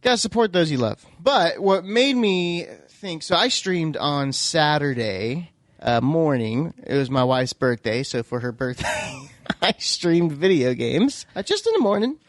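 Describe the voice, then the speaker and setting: A man co-hosts a podcast in relaxed, jokey conversation. His voice sits a little high and bounces around a lot as he pokes fun at himself and laughs. The sound is dry and close. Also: unhurried, dry recording. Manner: animated, self-mocking storyteller who laughs often. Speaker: podcast co-host. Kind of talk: casual podcast chat.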